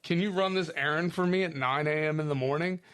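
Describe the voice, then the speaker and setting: A man's voice: a little high, quick pace, fairly bright tone, clear, resonant tone. A man co-hosting a podcast, tossing in joking remarks, coughing and his voice cracking now and then. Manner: joking interjections. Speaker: podcast co-host. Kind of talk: casual podcast chat.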